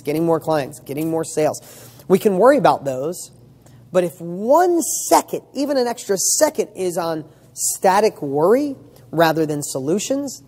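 The speaker, a motivational coach for real estate students, has a slightly high, warm-toned voice. He talks emphatically, asking rhetorical question after rhetorical question and swearing casually.

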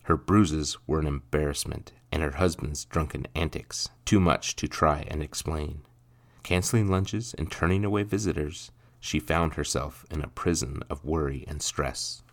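A man narrating a dark period story for a podcast in a measured, even reading voice. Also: rumbling low.

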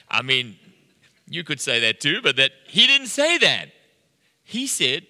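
A man's voice: fairly high pitch, big pitch swings, slow pace, pauses often, bright, forceful tone. A middle-aged man preaching a sermon, telling a story and acting out the dialogue with animation. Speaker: pastor. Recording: long hall reverb.

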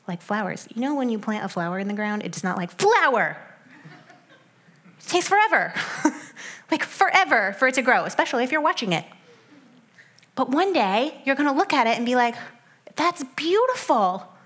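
A young adult woman giving a sermon in a conversational way, with animated asides that drop into soft, hushed stretches. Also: mid-range voice.

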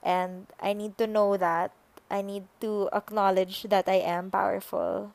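A young woman hosting a solo podcast, musing unhurriedly with pauses and fillers. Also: medium pitch, flat delivery, gravelly, a little mellow, dry recording. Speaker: podcast host. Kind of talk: reflective solo podcast talk.

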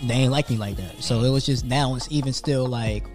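A man's voice: mid-range voice, fairly quick, faint music behind. A young man co-hosting a podcast, talking bluntly in slangy casual chat. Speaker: podcast co-host.

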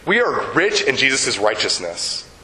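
An older man preaching a sermon. He tells a story, slows down on key words and puts questions to the congregation. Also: mid-range voice, very animated, bright, forceful tone, roomy sound, rough recording. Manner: storytelling, slows down for emphasis, asks the audience questions. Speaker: pastor.

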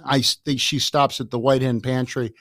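A man in his sixties from the Chicago area, telling stories as a podcast guest in a lively way, often laughing and repeating words. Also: medium pitch, normal speed, dry recording, clean studio sound. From Chicago area, USA. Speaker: guest, author. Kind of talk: anecdotal storytelling in a podcast interview.

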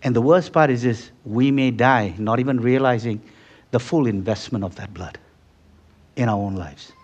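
A man preaching a sermon, telling everyday stories with acted-out quotes and building to loud, fervent exhortation. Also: mid-range voice, moderate pace, muffled recording. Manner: acts out little scenes with quoted voices. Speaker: pastor.

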